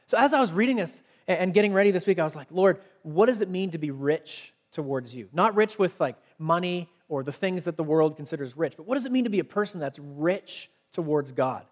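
A man preaching a sermon as pastor, conversational and earnest, reading scripture aloud between his own explanations. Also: on the high side.

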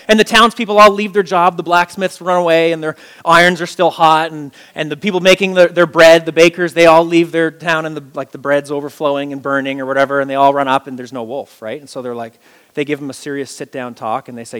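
A man in his thirties, a pastor giving a conversational sermon in an animated, chatty way, with many fillers and restarts. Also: a little high, fast.

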